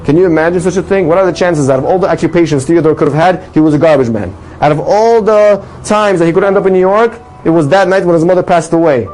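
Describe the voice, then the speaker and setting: A man's voice: a little high, fast, hardly any pauses, darkish tone, soft background music, rough recording. A man telling an inspirational story to an audience as a rabbi, emphatic and full of rhetorical questions. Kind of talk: storytelling talk.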